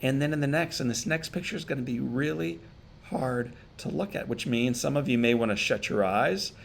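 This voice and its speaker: A man with a gravelly, creaky voice delivers an inspirational keynote at an even middle pitch. He tells his story with emotion, pausing and repeating phrases for weight. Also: slight background noise. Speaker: motivational speaker. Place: virtual event stream.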